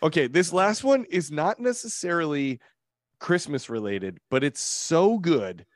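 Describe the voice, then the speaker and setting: A man co-hosting a casual chat show, reading funny posts aloud with laughter and lively delivery. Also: on the high side, a little slow, dry recording, studio quality. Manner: animated, laughs while reading. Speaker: co-host.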